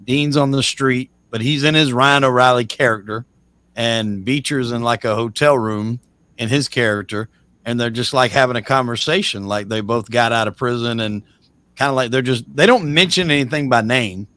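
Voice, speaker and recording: A man's voice: mid-range voice, normal speed, fairly bright tone, no echo. A man hosting a casual interview, asking questions in an easygoing way with lots of fillers like "um" and "like". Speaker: podcast host.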